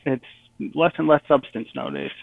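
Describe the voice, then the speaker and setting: A man's voice: a little high, sing-song, a little fast, gravelly, no echo. A man co-hosting a casual chat show, dropping dry wisecracks. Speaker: podcast co-host. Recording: tinny phone-like line.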